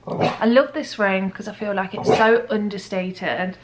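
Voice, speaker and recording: A woman's voice: medium pitch, steady tone, measured pace, very noisy. A young woman chatting casually to camera at home, gushing and rambling with lots of "like"s. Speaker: vlogger. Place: at home, kitchen.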